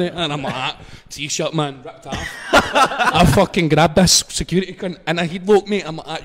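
A man's voice: on the high side, moderate pace. A young Scottish man telling a story in casual chat, sweary and laughing as he goes. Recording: long reverb.

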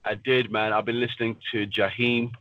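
A man's voice: lowish voice, little pitch movement, normal speed, dry recording, muffled recording. A man, a professional fighter, talking casually and bluntly in an interview and swearing freely. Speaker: pro fighter guest.

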